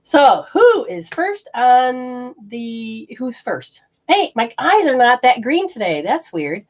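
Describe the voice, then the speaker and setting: A woman's voice: fairly high pitch, very animated, slow. A woman leading a live energy healing session, rambling and often breaking off mid-sentence as she walks through hands-on techniques. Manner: rambling, self-interrupting, explains hands-on techniques. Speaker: energy healer.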